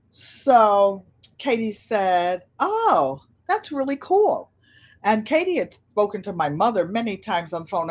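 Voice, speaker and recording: An older woman hosts a casual livestream in a chatty storytelling way. She brings people she quotes to life with animated voices. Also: medium pitch. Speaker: channel host.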